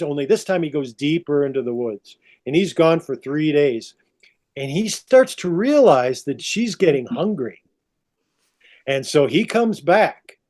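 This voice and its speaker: A man on a podcast telling a long story in a lively, animated way. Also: fairly high pitch. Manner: lively, repeats 'all of a sudden'. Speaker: podcast guest.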